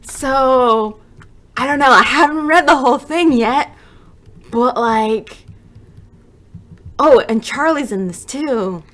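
A woman's voice: high-pitched, slow, long pauses, fairly bright tone. A woman podcast co-host chatting in a teasing, rambling way. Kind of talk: casual chat.

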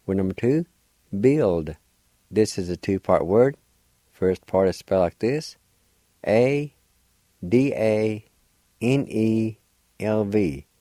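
Slow, patient older man teaching words. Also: fairly low pitch, dark tone, no room sound. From Oklahoma. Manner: patient, spells letter by letter and repeats words. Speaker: language teacher and radio host. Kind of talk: slow spelling and pronunciation lesson.

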